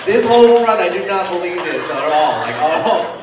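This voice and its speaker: A man's voice: sits high, a little fast, very noisy. A man doing live stand-up comedy, brash and profane, teasing the audience with crowd work in a large club. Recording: echoey club from a distant mic. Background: audience laughter.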